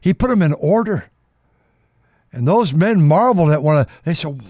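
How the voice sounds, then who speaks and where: A man's voice: on the high side, animated, normal speed, long pauses, a little mellow, no echo, studio quality. A man preaching a sermon, fervent, repeating and restarting phrases for emphasis.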